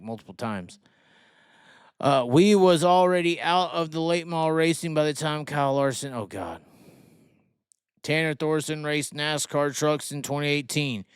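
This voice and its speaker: Male host, fired-up profane racing rant, smooth clear voice, dry close sound. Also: on the high side, no echo. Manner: heated, swearing, mocking. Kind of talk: profane opinion rant on livestream.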